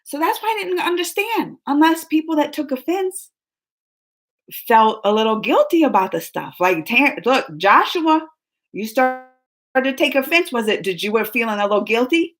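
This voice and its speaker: A woman hosts a casual reaction discussion, talking to the people in the room in an animated, rambling and emphatic way. Her voice sits high and moves at a normal speed.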